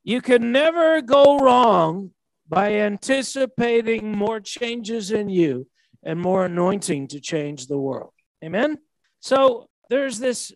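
Preacher, male, 60s, high voice, dry sound, conversational sermon delivery. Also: dry recording, rough recording. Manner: storytelling with laughs and repeated restarts.

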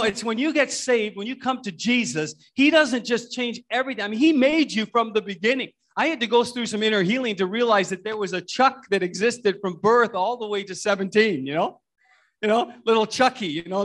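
A man's voice: high voice, fairly bright tone. A middle-aged man delivers a sermon in a slightly raised voice. He tells personal stories in a folksy way, stumbling and repeating words as he goes. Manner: halting, repeats words and restarts often; folksy, storytelling. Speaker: pastor.

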